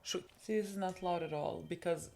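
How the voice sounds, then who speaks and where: A woman's voice: on the low side, a little fast, vocal fry. A woman co-hosting a reaction show, chatting casually and telling stories with lots of laughter. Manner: chatty, animated storyteller who laughs often. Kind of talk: casual chat reacting to an anime episode.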